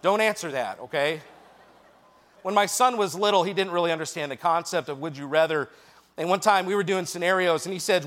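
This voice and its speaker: A man preaching a sermon to a youth group, lively and jokey with quick asides, speaking straight to the young listeners. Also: high voice. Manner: directly addresses young listeners.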